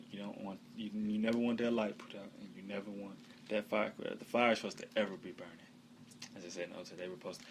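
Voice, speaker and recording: A man teaching from the bible in a conversational way, with many fillers, reading scripture slowly and loudly. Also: fairly low pitch, background noise.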